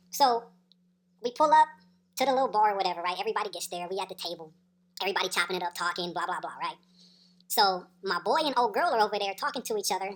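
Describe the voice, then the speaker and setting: A woman's voice: medium pitch, a bit bright. A woman telling a story in a casual, slangy, profane way, laughing as she goes. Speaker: storyteller vlogger.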